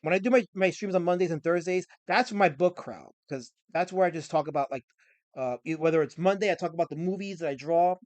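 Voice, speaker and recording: A man's voice: on the high side, brisk, a little mellow, dry recording. A man hosting a live stream, chatting casually and often stammering and repeating words. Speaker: streamer host.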